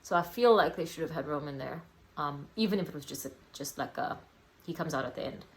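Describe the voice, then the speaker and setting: A woman's voice: deep voice, expressive, brisk, a little hiss or hum. A young woman casually reviewing a wrestling event, rambling with lots of fillers and self-corrections. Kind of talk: casual solo review vlog.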